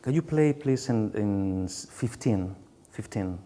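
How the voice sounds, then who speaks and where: A man with a Spanish accent, a conductor coaching a singer in a master class, halting and searching for words, singing phrases to show what he means. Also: on the low side, expressive, dark tone. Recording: hall reverb, faint room noise.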